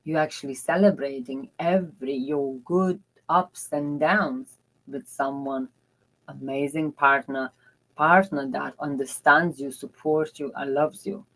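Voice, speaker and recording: Woman love coach, low voice, very unhurried; earnest, confiding, non-native English with loose grammar. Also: fairly even intonation, a bit bright, poor audio. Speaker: love and dating mentor. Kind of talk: motivational personal storytelling.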